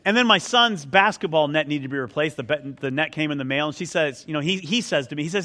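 Middle-aged man, pastor, high bright voice, chatty self-deprecating sermon storyteller. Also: expressive, fast, hardly any pauses. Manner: conversational, self-mocking storytelling.

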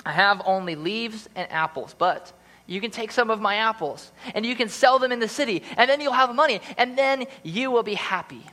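A man reading the part of a gentle, generous female apple tree from a storybook, in a tender voice. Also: high voice, moderate pace, pitched above the performer's own voice, rough recording.

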